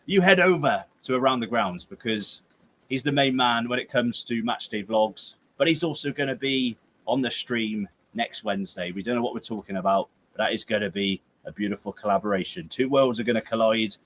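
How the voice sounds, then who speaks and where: A rambling, jokey young man with a Herefordshire and Gloucestershire accent runs a casual football livestream from home. He reads viewer comments and sounds tired. His voice sits at an ordinary, middle pitch for a man. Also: brisk, a bit bright. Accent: Gloucestershire/Herefordshire English. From England. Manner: chatty, jokey, rambling, with playful outbursts.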